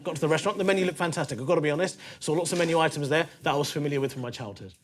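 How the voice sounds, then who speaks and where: A male stand-up comedian telling stories in a comedy club, animated and punchy, swearing freely. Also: fairly high pitch, very fast, few pauses, crowd noise.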